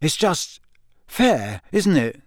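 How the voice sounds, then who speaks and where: A man's voice: on the high side, big pitch swings, dry recording, studio quality, pitched above the performer's own voice. Harry Potter, an urgent teenage boy, voiced by a man. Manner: urgent, speaking quickly. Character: anxious earnest teenage boy wizard.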